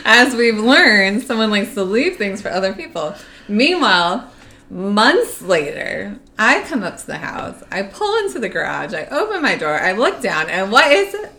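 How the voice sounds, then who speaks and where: A young woman co-hosting a casual chat, chiming in with teasing, dry remarks. Her bright voice bounces lively up and down. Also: medium pitch, moderate pace. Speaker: podcast co-host.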